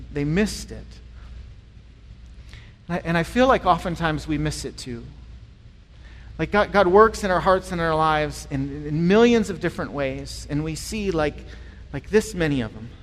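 A man delivers a sermon in a relaxed, conversational manner, often repeating a word as he finds his footing. His voice sits fairly high for a man. The recording has the long reverberation of a large hall. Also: a little hiss or hum. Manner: conversational and animated, acting out voices in stories; repeats words when starting phrases. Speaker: pastor.

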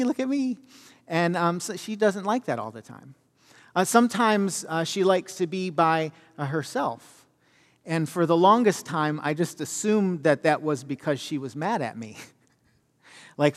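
A man giving a sermon as pastor, conversational and self-deprecating, full of fillers. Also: a little high. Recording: long reverb of a church hall.

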